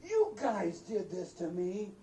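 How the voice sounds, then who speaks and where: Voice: medium pitch, normal speed, creaky, mellow, voice pushed up. Storyteller putting on an angry bull moose. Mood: resentful. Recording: roomy, distant mic, faint noise.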